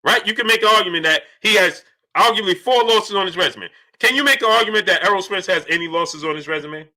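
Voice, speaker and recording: Male streamer, high and bright, who keeps repeating rhetorical questions and greets the viewers in the chat by name. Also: quick pace. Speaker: boxing channel host. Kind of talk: livestream commentary, reading chat.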